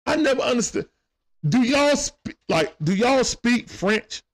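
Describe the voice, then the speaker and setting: Lively slangy man streaming play-by-play. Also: very high voice, measured pace. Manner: lively, slangy, greets viewers by name. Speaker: live stream commentator. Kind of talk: casual play-by-play watch-along stream. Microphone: phone.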